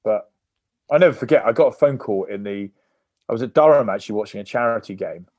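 A man with a fairly low voice speaks in a casual podcast interview. He tells his stories in a lively, anecdotal way. The sound is dry and close, with no room around it. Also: quick pace, dry recording, narrow, tinny audio. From England. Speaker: guest, former rugby player.

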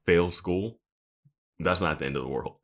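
A man's voice: sits low, normal speed, fairly bright tone. A man co-hosting a podcast, chatting casually about an episode with lots of laughs and incredulous asides. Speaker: podcast co-host. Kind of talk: casual chat recapping a TV episode.

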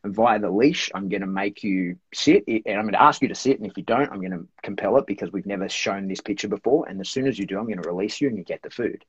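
A man's voice: fairly low pitch, fast talker, few pauses, breathy edge, no room sound. A man explaining dog training in a casual, rambling interview, peppering his talk with "like" and "right?". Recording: dull, lo-fi dry sound.

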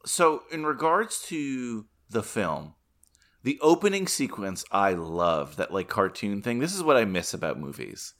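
A man co-hosting a casual film-review podcast, animated and laughing often, acting out quotes in a higher voice. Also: unhurried. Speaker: podcast co-host.

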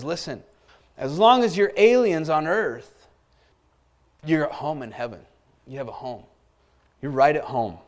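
A middle-aged man preaching a sermon as a pastor, animated, with asides and calls for an amen. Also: mid-range voice. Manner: animated preaching with asides and call-outs for amens.

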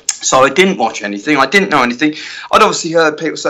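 A middle-aged man, a guitar tech, telling lively anecdotes in a casual interview and acting out other people's lines. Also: on the high side, fast talker. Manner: animated anecdote-telling with many quoted voices.

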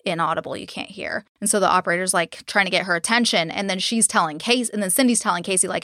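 A woman's voice: medium pitch, steady tone, a little fast, hardly any pauses, bright, forceful tone, no room sound, studio quality. A woman co-hosting a true crime podcast, retelling a case bluntly, swearing and acting out quotes. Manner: blunt, swears freely, acts out quoted people. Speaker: podcast co-host.

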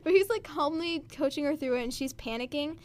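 Chatty high-voiced young woman. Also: brisk. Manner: chatty, lots of "like", excitable rants. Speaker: book discussion co-host. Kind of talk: casual chat. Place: home.

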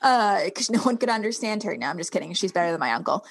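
Mid-pitched woman with a lively voice, teasing podcast co-host. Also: fast talker, creaky. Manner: animated, teasing, rambling asides. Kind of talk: casual podcast chat.

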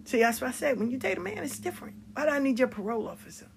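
A middle-aged woman telling stories about her life in a casual, blunt and animated way, swearing freely. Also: high-pitched, rapid-fire, gravelly, slight background noise. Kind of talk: casual storytelling.

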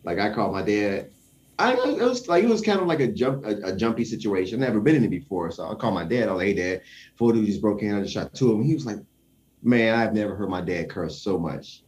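A man's voice: lowish voice, lively intonation, fast, a little mellow. A young man telling a story in casual conversation, acting out the quoted voices and chuckling often.

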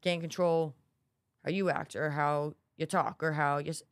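A woman's voice: sits low, steady tone, normal speed, no echo, clean studio sound. A young woman who is a college student co-hosting a podcast, chatting casually and acting out the quotes in her stories. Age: young adult. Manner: chatty storyteller, acts out quotes. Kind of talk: casual chat.

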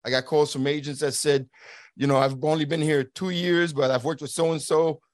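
A man's voice: fairly high pitch, steady tone, normal speed. A middle-aged man, a guest, telling a personal story earnestly, acting out the lines of the people he quotes and often restarting his words. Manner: earnest, acts out quoted dialogue. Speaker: guest, former border agent. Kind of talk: conversational storytelling.

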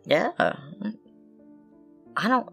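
A woman's voice: mid-range voice, sing-song, extremely slow, gravelly, a bit bright, faint music behind. A woman reading fairy tales on a podcast and cutting in with blunt, laughing asides. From Southern United States. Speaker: podcast co-host, reader.

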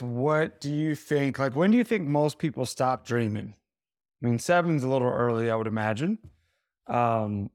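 Male podcast co-host, medium pitch, dry, curious and conversational. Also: a little mellow, no echo. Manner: curious, asks questions. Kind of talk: casual chat.

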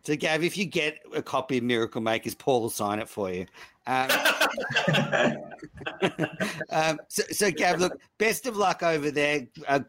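A man hosting a casual cricket podcast, talking in a relaxed, chatty way with plenty of fillers. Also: fairly high pitch, measured pace, slight background noise. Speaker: podcast host.

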